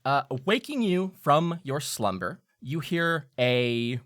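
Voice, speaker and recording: A man's voice: on the high side, expressive, slow pace, fairly bright tone, dry recording, studio quality. A man running a tabletop game as game master, narrating scenes in a loose, rambling way with small fillers.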